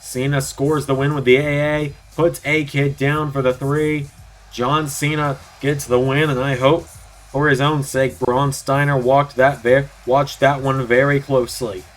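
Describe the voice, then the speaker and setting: A man with a sore throat calls the matches in an announcer style. His voice sits in a middle pitch, and he keeps up steady play-by-play hype. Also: measured pace, soft background music. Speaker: commentator, channel host. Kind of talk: play-by-play video game wrestling commentary.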